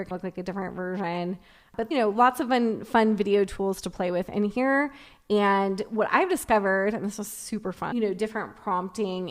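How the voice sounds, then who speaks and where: A young adult woman chatting her way through a software tutorial, upbeat and thinking aloud as she clicks around. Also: mid-range voice. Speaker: tech reviewer. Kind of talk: screen-recorded software tutorial.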